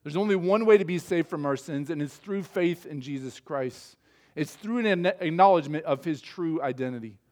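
A male pastor preaching a sermon in an emphatic, measured way, asking rhetorical questions. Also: fairly high pitch, expressive, a little mellow.

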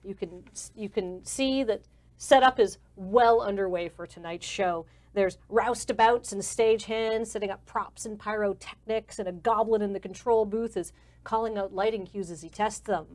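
A woman's voice: mid-range voice, moderate pace, a little mellow. A woman narrating a tabletop game as game master in a casual, descriptive way. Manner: casual, descriptive, many fillers.

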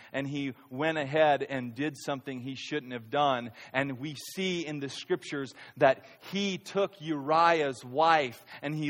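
A man preaching a sermon as a pastor, swinging between loud, high-pitched outbursts and quiet, low delivery. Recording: reverberant hall.

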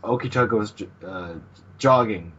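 A man's voice: fairly low pitch, measured pace, fairly bright tone, husky, muffled recording. A man co-hosting a podcast, loosely retelling comic scenes and swearing now and then. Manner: narrates scenes loosely, with swearing and quoted lines. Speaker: podcast co-host. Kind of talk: casual chat recapping a manga.

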